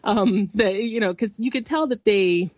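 A woman co-hosting a podcast, giving animated, opinionated commentary and laughing often. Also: medium pitch, normal speed, no echo. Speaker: podcast co-host. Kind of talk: casual chat.

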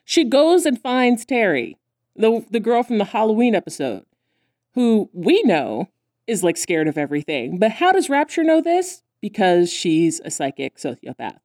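Animated woman acting out cartoon lines. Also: mid-range voice, moderate pace, dry recording, clean studio sound. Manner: animated, acts out characters' lines in voices. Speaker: podcast co-host. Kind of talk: casual chat recapping a cartoon.

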